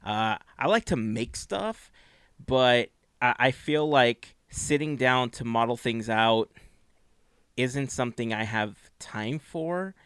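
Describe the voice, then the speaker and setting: A man's voice: mid-range voice, expressive, slow pace, a bit bright, smooth, no room sound, studio quality. A man co-hosting a casual fan podcast, chatting in an easygoing, self-deprecating way. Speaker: podcast co-host. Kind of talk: casual chat.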